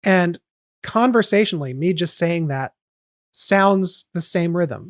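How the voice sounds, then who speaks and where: A man's voice: sits high, lively intonation, slow, no echo, clean studio sound. A man hosting a podcast, walking step by step through a song's melody in casual, analytical talk. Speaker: podcast host. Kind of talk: casual music analysis chat.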